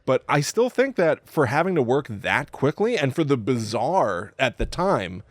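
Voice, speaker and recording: A man co-hosting a podcast, talking about films in a casual, enthusiastic way and often breaking into chuckles. His voice sits at a medium pitch. It sounds close to a studio mic, with a dry, dead sound. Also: sing-song, unhurried, no room sound. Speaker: podcast co-host.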